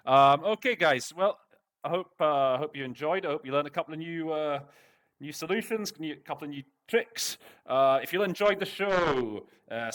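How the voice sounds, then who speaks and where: A man with a fairly high, somewhat bright voice tutors interpreting, casually guiding listeners through a text. His talk is chatty and loose, full of filler words and restarted sentences.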